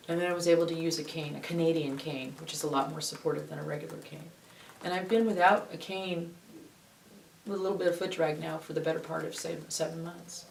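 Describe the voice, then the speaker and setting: Low-voiced woman, roomy and distant. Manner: earnest and halting, with frequent restarts. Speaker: interviewee, stroke survivor. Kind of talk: recounting a personal ordeal in a news interview. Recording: roomy, distant mic with faint noise.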